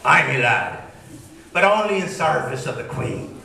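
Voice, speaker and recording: A swaggering old sea pirate, as a man puts him on, spinning yarns in rough sailor talk. His voice rides high and bright with lively swoops. It comes from far off in an echoey hall. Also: a little slow, slight background noise, full character voice. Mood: boastful. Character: gruff one-handed male pirate, boastful yarn-spinner.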